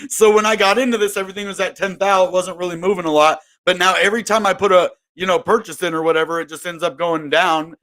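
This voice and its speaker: A man's voice: high voice, level tone, quick pace, few pauses, a bit bright. A man hosting casual crypto market commentary, rambling and exasperated, often cutting himself off mid-sentence. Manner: rambling, exasperated, self-interrupting. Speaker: crypto video host.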